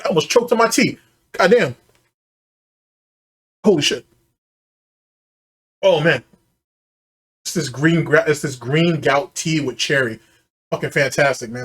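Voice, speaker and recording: A man's voice: a little high, slightly rough. Profane, mocking male reaction host. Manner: mocking, profane, sarcastic asides. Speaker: commentary channel host. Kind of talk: casual reaction commentary.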